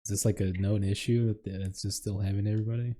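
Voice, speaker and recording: Low-voiced male co-host, crude teasing banter. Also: flat delivery, very fast, warm tone. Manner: crude, teasing, laughs a lot. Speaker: podcast co-host. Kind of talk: casual chat among friends.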